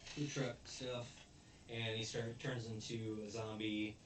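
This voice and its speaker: A man casually recapping a movie plot, rambling with lots of fillers and mock-yelling at the characters. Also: lowish voice, flat delivery, slow pace, noisy background. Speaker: movie reviewer.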